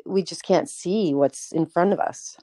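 A woman co-hosting a podcast, listening and chiming in with quick agreement. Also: fairly low pitch, mellow, dry recording. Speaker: podcast co-host. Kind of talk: casual chat.

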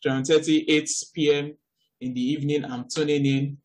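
A young man with a Nigerian accent, preaching a sermon in an earnest, animated way that jumps to high exclamations. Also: normal speed, a little hiss or hum. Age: young adult.

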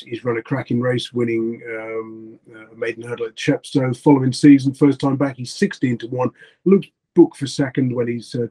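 Male pundit, quick, jokey, reads out form. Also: medium pitch, warm tone, poor audio. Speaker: racing tipster. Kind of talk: casual podcast chat.

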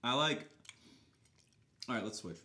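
A man's voice: mid-range voice, lively intonation, measured pace, sharp tone. A man co-hosting a podcast, talking casually and a bit impatiently, swearing offhand. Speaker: podcast co-host. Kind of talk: casual chat, ice cream tasting. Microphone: desk mic.

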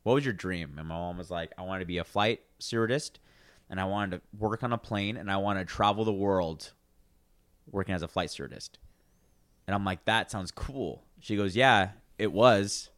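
A man's voice: sits low, moderate pace, a bit bright, no room sound. A man in his twenties, co-hosting a podcast in casual chat, rambling with restarts and acting out what people said. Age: 20s. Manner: rambling, restarts, acts out quoted voices. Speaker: podcast co-host.

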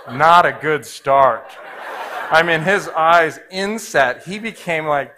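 A man in his forties, a pastor preaching a storytelling sermon, swinging between hushed asides and loud, excited bursts. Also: a little high, measured pace. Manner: animated, jumps between hushed and loud, acts out voices.

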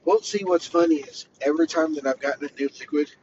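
A man's voice: fairly high pitch, fast talker. Laid-back man, distant from the mic. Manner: laid-back, teasing, laughs often. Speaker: podcast co-host. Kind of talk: casual chat. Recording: distant lo-fi mic with clear background noise.

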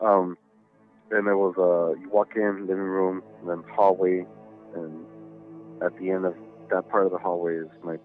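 A man's voice: sits low, little pitch movement, moderate pace. A man telling a long story in casual chat, rambling, swearing often and filling gaps with "you know". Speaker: podcast guest. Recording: tinny phone-like line with faint music.

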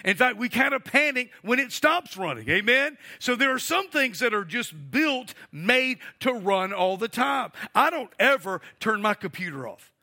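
A man's voice: very high voice, big pitch swings, normal speed, vocal fry, hardly any pauses, bright, forceful tone. A middle-aged male pastor preaching a sermon, emphatic and asking the congregation for responses.

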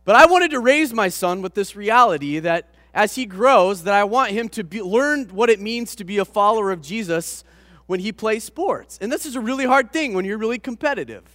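A man with a high, bright voice tells a sermon story with lively, self-mocking humor. His voice carries a long reverb, as from a large hall. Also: normal speed. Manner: animated anecdote with self-deprecating humor. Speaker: pastor.

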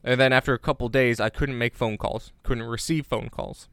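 Male podcast co-host, smooth resonant voice, dry close sound, rambling and jokey. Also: mid-range voice, moderate pace, dry recording. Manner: jokey, rambling, deadpan asides. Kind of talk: casual chat. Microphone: remote recording on separate devices.

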